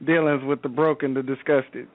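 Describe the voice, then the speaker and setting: A man's voice: mid-range voice, fairly even intonation, moderate pace, narrow, tinny audio. A man hosting a call-in radio show, chatting casually and teasing callers with frequent laughs. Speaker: radio talk show host.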